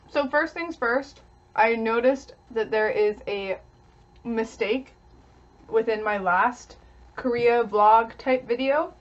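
A woman's voice: fairly high pitch, takes it slowly, lo-fi sound. A young woman, talking casually to camera while eating, chatty with little giggles. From Canada. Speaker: vlogger.

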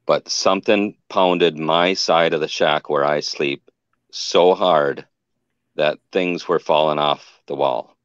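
Low-voiced man rambling through an eerie story. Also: fairly even intonation, slow pace, clear, resonant tone, no room sound, lo-fi sound. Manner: rambling, restarts and self-corrections. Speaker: guest telling an encounter. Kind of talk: casual storytelling.

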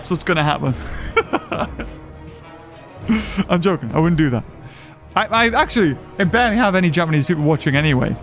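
A young man giving playful, excitable commentary on his own gameplay, joking and reacting as he goes. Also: on the high side, a little fast, long pauses. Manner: playful, jokey, bursts of excitement. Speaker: gaming video host. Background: game music.

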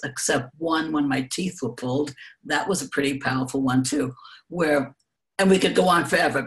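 An older woman answering interview questions, telling reflective personal stories in a gentle, unhurried way and laughing softly now and then. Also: sits low. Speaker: guest speaker.

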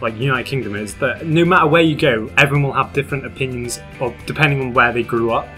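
Young british guy, relaxed chat, bright voice, soft guitar in the back. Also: medium pitch, fast. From Britain. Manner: easygoing, laughs often, thinks aloud with fillers. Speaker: co-host. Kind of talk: casual chat.

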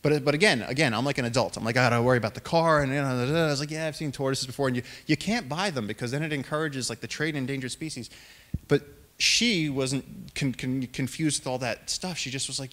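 A man in his thirties, a naturalist giving a public talk, telling stories in an animated way and acting out quoted voices. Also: mid-range voice, fast. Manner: animated storyteller, acts out quotes in raised voices. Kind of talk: storytelling lecture.

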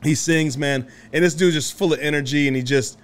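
Man, podcast co-host, relaxed storyteller, easygoing chat. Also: a little high, brisk. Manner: laid-back storytelling, laughs often. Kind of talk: casual chat.

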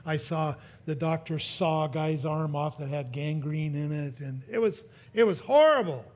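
A male preacher with a high-pitched voice, delivering a sermon through a personal story. He chuckles at his own jokes and often restarts his sentences as he goes. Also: normal speed, darkish tone. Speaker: pastor.

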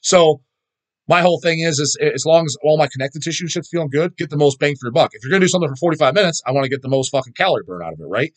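A man's voice: on the high side, expressive, very fast. A middle-aged man chatting casually as a vlog host, rambling and swearing constantly as he answers viewer questions.

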